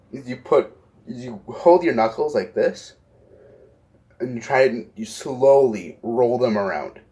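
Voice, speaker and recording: A young man casually telling a rambling story, swearing often and correcting himself mid-sentence. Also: medium pitch. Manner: profane, rambling, self-correcting.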